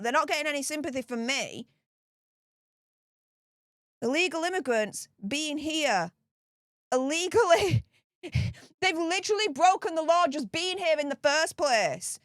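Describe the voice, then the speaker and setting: Woman, political commentator. Indignant, punchy rhetorical questions, swinging pitch, dry close mic. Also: dry recording. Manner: reads out statistics slowly, checking in with "okay?".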